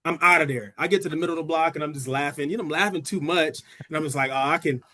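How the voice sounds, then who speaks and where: A middle-aged man from Brooklyn with a New York accent, a university track coach telling stories as a podcast guest, acting out dialogue with big jumps in his voice. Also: racing. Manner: lively, acts out dialogue with big pitch jumps. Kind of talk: animated storytelling in a podcast interview.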